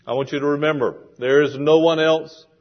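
A man's voice: on the high side, a little fast. Preaching man, dull lo-fi recording. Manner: animated preaching, acting out quoted voices. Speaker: pastor. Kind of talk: sermon. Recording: dull lo-fi sound.

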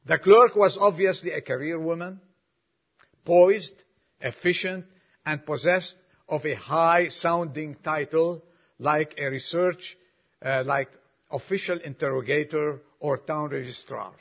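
A man's voice: on the high side, measured pace, slightly rough. An older man preaching a sermon and reading a long story aloud, with folksy asides to the congregation. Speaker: pastor. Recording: dull lo-fi recording.

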